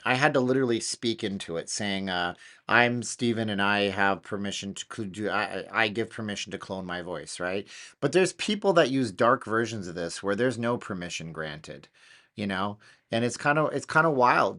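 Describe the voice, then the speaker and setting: A man hosting a casual studio chat, excitable and slangy, thinking aloud as he talks. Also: mid-range voice. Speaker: channel host. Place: home studio.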